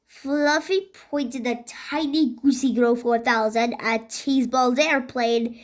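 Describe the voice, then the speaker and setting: A woman reading a children's book aloud, halting and restarting over slips. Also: on the high side, steady tone. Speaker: reader.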